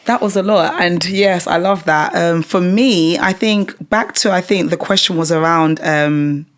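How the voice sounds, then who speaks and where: Woman with a low voice, thinking out loud, measured and easygoing. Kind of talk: casual chat.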